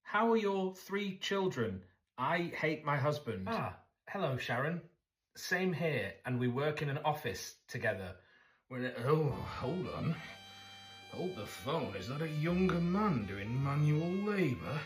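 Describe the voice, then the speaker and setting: A man's voice: a little high, sing-song, measured pace, roomy sound, soft background music. A man voicing two gossiping office women who swoon over a young workman.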